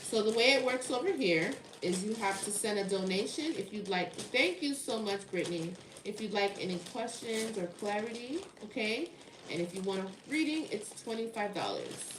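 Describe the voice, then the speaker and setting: A woman's voice: mid-range voice, very animated, moderate pace. Woman, tarot live stream, casual chat with viewers, fired up at times, roomy echo, faint hiss. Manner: casual, talks to chat, gets heated and indignant. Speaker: tarot reader.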